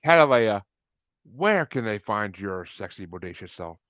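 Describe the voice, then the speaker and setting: Lowish teasing podcast dude, dry room, kinda dull lo-fi sound. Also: male voice, sing-song, moderate pace, fairly bright tone, no room sound. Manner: teasing banter and wisecracks. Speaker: podcast co-host. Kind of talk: casual chat.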